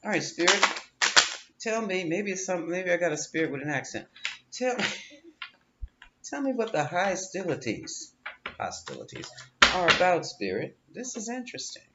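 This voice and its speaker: In a chatty, coaching way, a man reads tarot cards, often repeating words and breaking into laughter, his tone reassuring. His voice sits high and sing-song, moving at a measured pace with long pauses. The audio is very noisy, dull and lo-fi, with faint room ambience.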